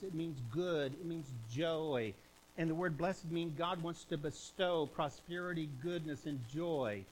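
A man preaching a fiery revivalist sermon, swinging between loud bursts and hushed, quieter stretches. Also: a little high, slight background noise, rough recording.

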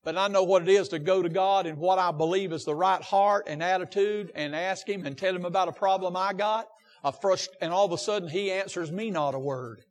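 A man preaches a folksy sermon. He drops to a near-hush, then climbs back to impassioned fervor. A long reverb from the church hall trails each phrase. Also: high voice, a little fast. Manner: folksy, swings from hushed to impassioned.

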